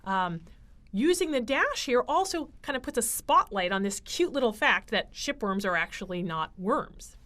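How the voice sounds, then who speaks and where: Woman teaching a writing class, bouncy pitch, chatty with lots of uhs. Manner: lively, explanatory, with frequent fillers. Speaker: writing instructor. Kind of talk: lecture.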